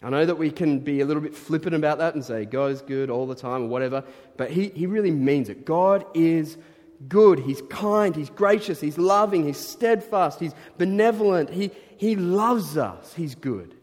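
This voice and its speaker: A man's voice: on the high side, expressive, normal speed, a little mellow. A man preaching a sermon in a chatty, playfully self-deprecating way. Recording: long reverb in large hall.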